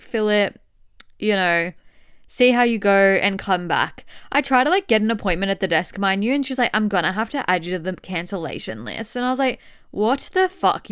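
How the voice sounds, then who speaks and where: A woman's voice: mid-range voice, smooth, no room sound, clean studio sound. A woman in her twenties hosting a podcast, chatting candidly and retelling conversations with lots of swearing and filler words. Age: 20s. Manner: chatty, swearing, animated retelling with quoted dialogue. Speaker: podcast host. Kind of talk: candid solo podcast chat.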